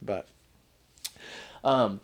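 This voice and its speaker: A young man co-hosting a casual sibling podcast, telling a rambling funny story and laughing along. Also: drawn-out words. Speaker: podcast co-host. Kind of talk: casual chat.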